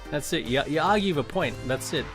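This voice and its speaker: Speaking a little fast and expressively in a slightly high voice, a middle-aged Australian man streams sim racing and spins a story over background music. It's casual, profane, rambling talk full of restarts, and the recording has noticeable background noise.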